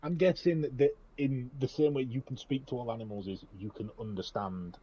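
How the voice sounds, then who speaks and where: A man on a casual podcast, throwing out quick, blunt, dry retorts. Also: mid-range voice, mellow. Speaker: podcast co-host. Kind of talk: casual chat. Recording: dull lo-fi with faint noise.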